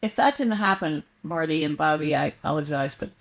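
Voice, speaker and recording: A woman's voice: low-pitched, expressive, brisk. An older woman, a guest in a casual interview, telling meandering anecdotes with frequent fillers and restarts.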